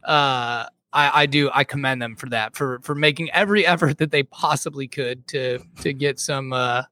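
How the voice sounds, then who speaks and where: A man co-hosting a podcast, talking about basketball in an animated, casual way, swearing freely. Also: medium pitch, moderate pace, no echo. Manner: animated, swears, says dude. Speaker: podcast co-host. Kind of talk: casual sports talk.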